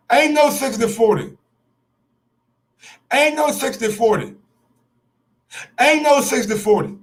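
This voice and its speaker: A man with a very high-pitched voice hosts a sports show, ranting heatedly and profanely in a live-stream style. He repeats his points for emphasis.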